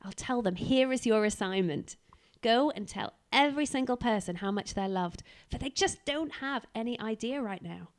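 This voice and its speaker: Woman preacher reading Jesus: resolute, loving adult man, earnest and emphatic, slight fry. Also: on the high side, animated, moderate pace, few pauses.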